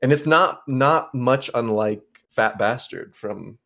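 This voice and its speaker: A man's voice: mid-range voice, slow, gravelly, a bit bright. A young man co-hosting a podcast in casual chat, rambling with lots of filler words and the odd swear. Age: young adult. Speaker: podcast co-host.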